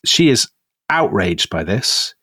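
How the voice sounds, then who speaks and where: A man's voice: lowish voice, slow pace, slightly rough, dry recording. A man co-hosting a history discussion, telling stories with relish and frequent chuckles. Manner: lively storytelling, chuckles often. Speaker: podcast co-host.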